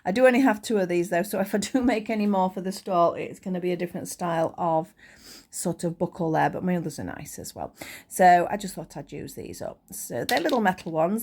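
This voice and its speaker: A middle-aged woman, a little hoarse, chatting enthusiastically through a crochet tutorial as the channel host. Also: medium pitch, darkish tone. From United Kingdom. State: slightly hoarse.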